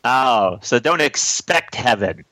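A man co-hosting a casual talk show, cracking quick jokes and laughing often. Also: medium pitch, expressive, sharp tone, no echo. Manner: quick wisecracks, frequent laughter. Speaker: podcast co-host. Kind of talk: casual chat.

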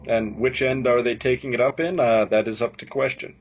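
A man co-hosting a casual podcast, wry and joking, quick to laugh. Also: mid-range voice, fairly even intonation, lo-fi sound. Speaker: podcast co-host.

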